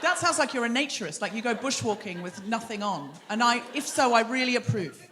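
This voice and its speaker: A woman's voice: a little high, animated, fairly quick, very noisy. A middle-aged woman hosting a comedy podcast live on a theatre stage, bantering and teasing the audience. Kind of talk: live stand-up style crowd work.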